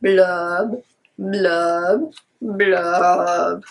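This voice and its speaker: A woman's voice: on the high side, expressive, measured pace, fairly bright tone. A woman voicing a glum, gloomy male fish in a storybook, chanting his mopey rhyme with pouty blubs.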